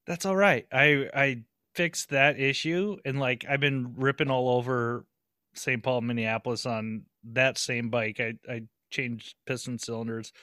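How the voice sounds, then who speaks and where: Chill guy talking bikes, bright voice, dry close mic. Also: mid-range voice, steady tone, smooth, no room sound. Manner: laid-back, swears casually, quick backchannels. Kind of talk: casual chat.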